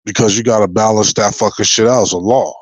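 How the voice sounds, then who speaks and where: A man's voice: on the low side, fairly even intonation, fast talker, no room sound, poor audio. Profane, confrontational man ranting. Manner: profane, confrontational, repeats and restarts words. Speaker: YouTuber. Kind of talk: unscripted freestyle rant.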